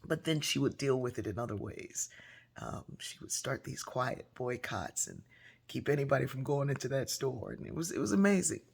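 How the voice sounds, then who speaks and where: Woman, casual storytelling, gravelly, husky, soft near-whispers at times. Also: a bass voice, lively intonation, normal speed. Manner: warm, conversational, drops to soft near-whispers. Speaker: speaker and author.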